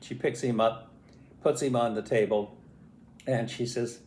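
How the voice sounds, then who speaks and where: Older man telling a lively family story. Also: mid-range voice, measured pace, long pauses. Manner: animated, acts out voices and sounds. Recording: roomy echo.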